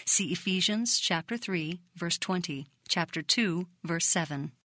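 A woman narrating a devotional book in a steady, measured reading voice that includes scripture citations. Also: fairly low pitch, dry recording. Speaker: audiobook reader.

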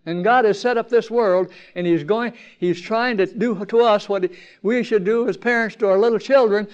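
A man preaching a sermon at a campground meeting, asking the crowd rhetorical questions, swinging from emphatic peaks down to quiet, low passages. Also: normal speed, clean tone, lo-fi sound.

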